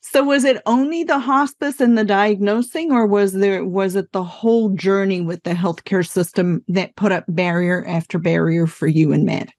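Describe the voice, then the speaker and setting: A woman hosting an interview, asking gentle questions and reassuring her guest. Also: medium pitch, steady tone, normal speed, hardly any pauses, no echo. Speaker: podcast host.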